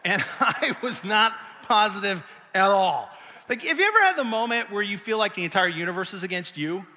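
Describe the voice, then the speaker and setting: Bright-voiced middle-aged pastor preaching. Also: male voice, high voice, fairly quick. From United States. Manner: animated, self-mocking storytelling. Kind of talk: sermon. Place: large church auditorium. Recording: long reverb of a church hall.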